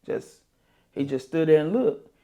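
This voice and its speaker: An older woman, telling a painful family story in an interview, halting and repeating herself. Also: low voice, lively intonation, dark tone, muffled recording. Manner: halting, repeats herself, quotes others aloud. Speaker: interview guest. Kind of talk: emotional interview.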